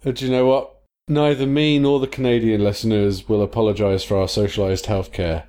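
A man's voice: on the low side, fairly even intonation, a little fast, dark tone. A man co-hosting a podcast in casual chat, rambling and laughing often. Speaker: podcast co-host.

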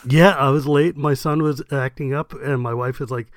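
A man hosting a podcast, telling a story in a lively, casual way and laughing along. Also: medium pitch, normal speed, no echo, studio quality. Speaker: podcast host.

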